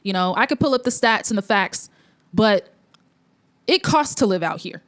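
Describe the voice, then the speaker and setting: A woman's voice: medium pitch, lively intonation, moderate pace, a bit bright. A young woman hosting an opinion commentary vlog, talking in a preachy, blunt way with lots of fillers and restarts. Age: young adult. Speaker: commentary host.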